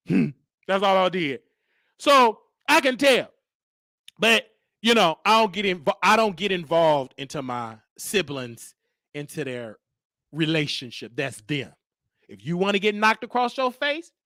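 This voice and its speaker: A man hosting a celebrity gossip show, talking in a campy, teasing way and jumping up into a high falsetto. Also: bright, forceful tone, dry recording, studio quality. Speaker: show host.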